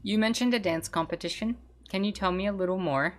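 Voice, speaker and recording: A woman reading a deadpan frog detective. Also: medium pitch, a little fast, close to an everyday voice.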